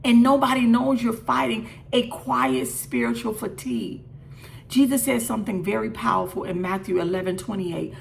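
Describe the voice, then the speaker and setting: A middle-aged woman gives a midday devotional, talking straight to her listeners and leaning on repetition. Her voice sits fairly high and carries a gravelly rasp. A faint hiss and some room sound stay underneath. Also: moderate pace. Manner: earnest, direct address with repeated phrases. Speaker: host of a faith encouragement show.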